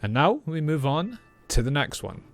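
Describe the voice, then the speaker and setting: Patient Scottish English teacher. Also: male voice, fairly high pitch, very animated, normal speed. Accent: northeast Scottish. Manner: clear, patient, repeats phrases. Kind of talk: reaction video, explaining accents.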